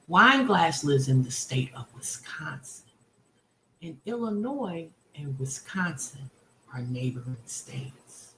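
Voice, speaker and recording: Woman host, livestream commentary, exasperated and lively, slow bright delivery. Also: low voice, slight background noise. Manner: animated, exasperated ranting. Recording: roomy echo.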